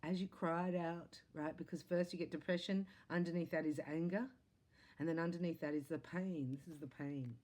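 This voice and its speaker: Low, mellow-voiced woman psychic. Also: moderate pace. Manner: animated, chatty, with laughs and sudden exclamations. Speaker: psychic tarot reader. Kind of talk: spiritual reading monologue to camera.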